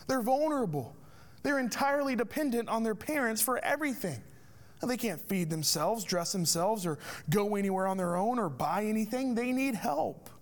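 High-voiced man preaching a sermon. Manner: rhetorical questions, emphatic preaching. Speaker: pastor.

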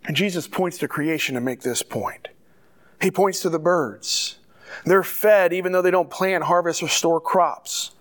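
A man's voice: high voice, measured pace, fairly bright tone. A pastor preaching a sermon to his church, earnest and full of rhetorical questions.

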